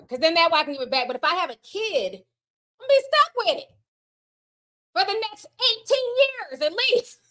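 A woman's voice: very high-pitched, pushed and bright. A woman in her forties, raised in the United States, chatting casually on a livestream, reading viewer messages with slangy asides and frequent laughs. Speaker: livestream host reading super chats.

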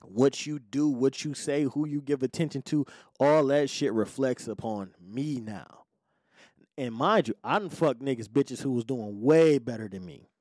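Speaking at a measured pace, this podcast host, roughly forty, shares a personal story bluntly and casually, swearing and repeatedly checking "you know what I'm saying." His darkish mid-range voice comes through a podcast microphone, studio-grade with no room sound.

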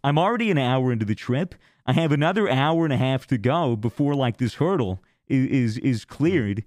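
A young man, a podcast host, telling a story in casual chat, animated, acting out quotes and swearing freely. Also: mid-range voice, normal speed, dry recording, clean studio sound.

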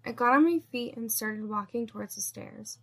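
Woman narrator with a gravelly fry. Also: a little high, normal speed, a bit bright. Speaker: story narrator. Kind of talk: first-person story reading.

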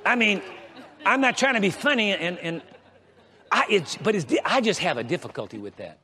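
Under some background chatter and the long reverb of a large church hall, a pastor delivers a sermon in a high-pitched, sharp voice with big pitch swings at a moderate pace. He leads call-and-response with the congregation, repeating words and restarting in stammers as he builds toward each point.

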